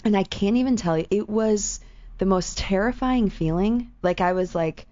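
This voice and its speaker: A middle-aged woman chatting casually and telling an animated story, acting out what other people said. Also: medium pitch, a little slow. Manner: animated storyteller, acts out quoted voices. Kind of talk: casual chat. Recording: slightly dull lo-fi sound.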